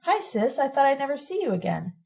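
A woman voicing a bubbly, excited young woman in an audiobook reading. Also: high voice, a little fast, gravelly, voice pushed up, heavily acted. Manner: excited, exclaiming. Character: exuberant young woman freed from prison, affectionate.

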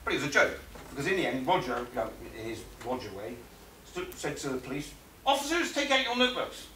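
A man giving an animated, anecdotal conference talk, acting out quotes and laughing often. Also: medium pitch, quick pace, a little hiss or hum. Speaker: conference speaker. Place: conference room. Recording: roomy hall audio from far off.

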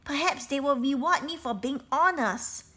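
A woman voicing a foolish, greedy poor woodcutter in a storybook reading, speaking in loud worried exclamations. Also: sits high, moderate pace, voice pushed up. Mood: dismayed.

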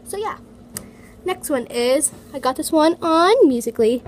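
A female toy vlogger chats casually in her home basement, reading comments and filling her speech with "like" and "so yeah." Her high voice is animated, unhurried and a little mellow. She records on an iPad mini, and the noisy home audio carries the hum of a running heater.

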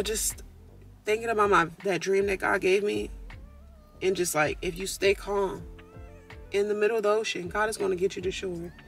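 A woman vlogger with a gravelly, medium-pitched voice addresses her viewers from her car. It's a casual faith encouragement talk, earnest and preachy.

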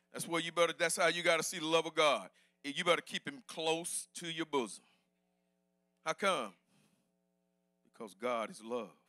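Shouting, high-voiced, bright male preacher. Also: no echo, studio quality. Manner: preaching with call-and-response, rising to shouts. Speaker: pastor. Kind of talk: sermon. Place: church sanctuary.

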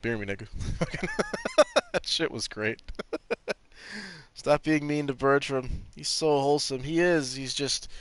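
A man's voice: on the high side, slow pace, a bit bright, no room sound. A man streaming a video game, chatting casually and jokingly with his viewers and swearing freely. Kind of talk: casual gameplay commentary.

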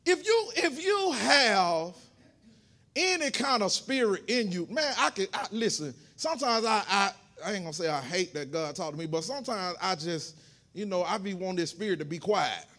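A man with a very high-pitched voice preaches a sermon in a church. His tone is bright and ringing. He stumbles over and repeats words, then swells into shouted, fervent preaching. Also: very animated, normal speed. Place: church sanctuary.

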